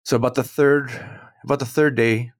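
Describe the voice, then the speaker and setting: Muralist guy telling a story, animated, does the voices of people he quotes, dry close sound. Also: mid-range voice, normal speed, no room sound. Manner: animated, acts out quoted dialogue, chuckles between points. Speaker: muralist guest. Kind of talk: storytelling interview.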